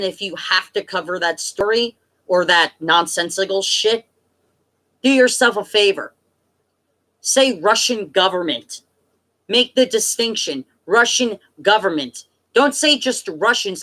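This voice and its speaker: A woman's voice: medium pitch, fairly bright tone. A woman from the United States ranting to camera as a political vlogger, emphatic, exasperated and swearing often.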